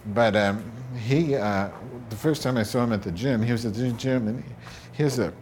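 A man's voice: medium pitch, moderate pace, a little mellow, a little hiss or hum. A man rambling through a crude, self-mocking monologue from a home bathroom.

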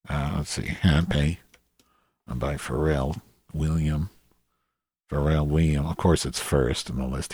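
A man reading a listener's letter aloud and mocking it with deadpan asides. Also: extremely low pitch, husky, no room sound. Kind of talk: sarcastic commentary.

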